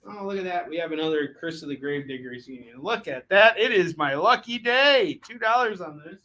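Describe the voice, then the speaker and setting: A man hosts a casual live sales stream in a somewhat high voice. He keeps it loose and joking, swears freely and often restarts his sentences as he calls out prices. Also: lively intonation, fairly quick, sharp tone. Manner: loose, joking, swears, stumbles over words. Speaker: host selling comics live.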